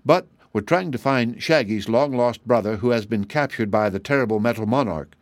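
A man voicing an eager, friendly young mortal girl who speaks quickly and earnestly. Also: mid-range voice, no room sound, clean studio sound, close to an everyday voice. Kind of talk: storybook character voice.

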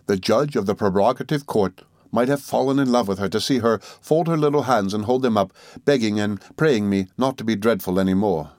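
A man reading a classic novel aloud as an audiobook narrator, in a measured storytelling manner. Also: fairly low pitch, a little mellow, no room sound, clean studio sound.

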